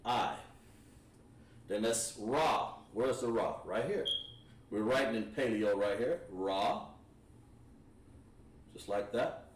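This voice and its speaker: In a lowish voice, the man takes his time and pauses often, laying out an online language lesson step by step as he writes on a board. His manner is relaxed. The recording is echoey, with the mic set some distance away.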